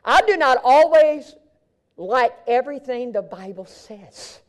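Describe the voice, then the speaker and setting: A man preaching a sermon at a live event, swinging from hushed near-whispers to shouting with a fervent, repetitive cadence. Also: extremely high pitch, expressive, a little slow.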